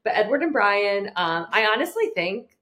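A woman's voice: mid-range voice, big pitch swings, moderate pace, a bit bright. A young woman co-hosting a podcast, telling a story in a rambling, giggly way with lots of fillers. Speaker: podcast co-host. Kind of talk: casual chat.

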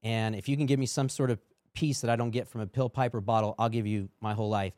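A man's voice: lowish voice, steady tone, fast, darkish tone, dry recording. Earnest man telling his testimony, dry sound. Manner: earnest storytelling, acts out quoted dialogue. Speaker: podcast guest. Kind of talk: testimony in casual chat.

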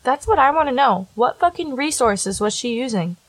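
A woman's voice: sits high, animated, normal speed, no room sound, low-quality recording. A young woman co-hosting a casual chat, reacting emphatically and swearing freely. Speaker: co-host.

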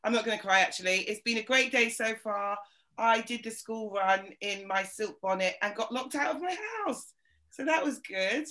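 A woman hosts a podcast in easy, casual chat, playful and full of jokes. Her voice is bright and clear, sitting in a middle range for a woman. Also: medium pitch, normal speed. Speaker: podcast host.

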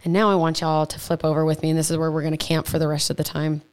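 A woman with a low, deep voice hosts a casual faith podcast. She teaches in a chatty, earnest way, stumbling over words and tossing in quick asides as she goes. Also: little pitch movement, a little mellow, clean tone. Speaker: podcast host. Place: home podcast setup.

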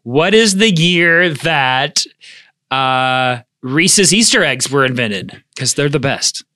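Bright-voiced man co-hosting a faith podcast. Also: medium pitch, animated, slow pace, no echo, studio quality. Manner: laughs often, self-deprecating. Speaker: podcast co-host. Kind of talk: casual chat.

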